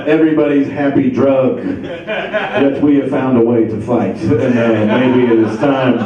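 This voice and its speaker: A man's voice: mid-range voice, unhurried, over a noisy crowd. A man in his thirties from Ohio doing a rambling stand-up set, working up to exasperated rants. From Ohio, USA. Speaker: stand-up comedian. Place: comedy stage at a charity show, live audience. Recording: echoey, distant, dull room recording.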